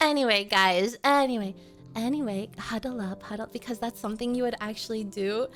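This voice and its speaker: A woman's voice: a little high, brisk, fairly bright tone, faint music behind. A woman VTuber streamer chatting casually with her viewers, playful and teasing as she coddles them. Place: home streaming setup.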